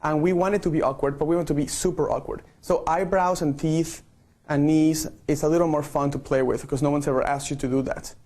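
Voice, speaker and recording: A man's voice: on the high side, fairly even intonation, fairly quick, darkish tone. A man directing a group photo shoot on a live stream, playful and coaxing, checking in with "okay" after each instruction.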